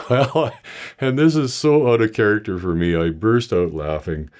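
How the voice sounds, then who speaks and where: Older man, deep mellow voice, rambling personal anecdote, self-deprecating. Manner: meandering, self-deprecating, halting with restarts. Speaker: storyteller. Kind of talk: personal storytelling.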